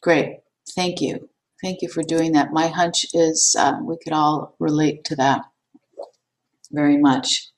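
A woman meditation teacher giving a gentle, unhurried talk to an online class, with frequent fillers and repeats. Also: sits low, flat delivery. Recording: voice distant from the mic.

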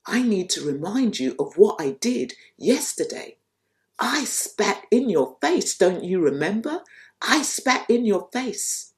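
A woman's voice: medium pitch, big pitch swings, takes it slowly, pitched above the performer's own voice. A woman voicing a remorseful, agitated male businessman who pleads and insists as she retells a story. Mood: pleading.

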